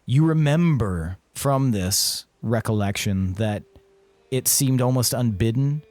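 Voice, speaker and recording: A man narrating a tabletop game as game master, relaxed and quick to laugh. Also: mid-range voice, dry recording. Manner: easygoing, laughs often.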